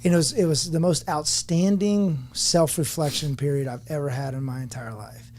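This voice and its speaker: A man's voice: a little high, steady tone, normal speed, darkish tone. A man in his forties, a podcast guest, telling his story candidly in an earnest, reflective way. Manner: earnest and reflective, speaking openly about personal struggles.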